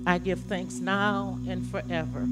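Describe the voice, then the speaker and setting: A woman's voice: fairly low pitch, steady tone, a little slow, over loud music. A woman in church leading a spoken gratitude prayer, meditative and repetitive.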